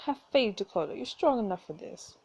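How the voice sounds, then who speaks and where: A woman's voice: mid-range voice, animated, brisk, gravelly, a little mellow. A woman voicing a cheerful, loyal young best friend in a story game, upbeat and reassuring.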